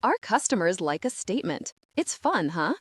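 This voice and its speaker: A woman's voice: mid-range voice, big pitch swings, moderate pace, husky, dry recording, studio quality. A woman reading the part of a proud, jovial male property developer who talks breezily about luxury homes. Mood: boastful.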